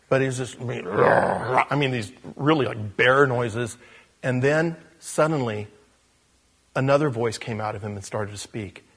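A man, a pastor, telling a story during a casual, animated sermon in a church. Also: mid-range voice, slow pace, breathy edge.

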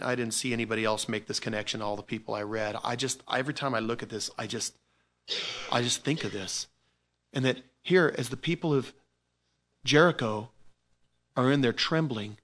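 A man delivering a sermon as a pastor, his voice medium in pitch. He swings between loud, emphatic bursts and quiet, offhand asides, talking informally with repeated words and restarts.

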